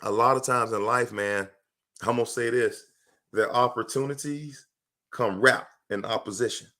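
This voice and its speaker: Fervent, bright-voiced motivational man. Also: medium pitch, steady tone, normal speed. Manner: emphatic and preachy, repeats phrases for effect; loud bursts of fervor and laughter. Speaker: motivational speaker. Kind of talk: live motivational talk. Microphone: livestream microphone.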